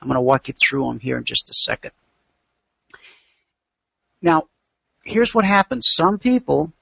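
Gravelly husky man teaching with animated asides. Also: a little high, no room sound, muffled recording. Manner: animated, acts out traders and students in little scenes. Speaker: trading mentor. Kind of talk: instructional talk.

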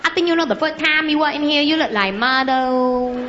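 A woman's voice: high-pitched, brisk, in a large hall, dull audio, noisy background, lightly acted. A woman comedian voicing a pushy, upselling female nail salon worker who speaks broken English and calls everyone honey. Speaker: stand-up comedian. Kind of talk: stand-up comedy bit. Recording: live comedy club recording with loud audience.

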